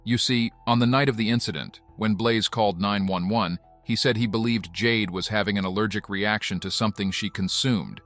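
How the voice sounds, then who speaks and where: A man narrates a documentary in a steady, measured tone. His voice sits a little low, and his delivery stays even and deliberate. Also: soft background music. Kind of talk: scripted narration.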